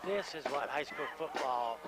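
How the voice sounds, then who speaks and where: A man calling a high school football game on the radio, joking and boastful, out of breath. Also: lively intonation, moderate pace, heavy background noise. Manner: joking, boastful, self-styled showman. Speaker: play-by-play announcer. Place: outdoor stadium press box. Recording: loud band music behind.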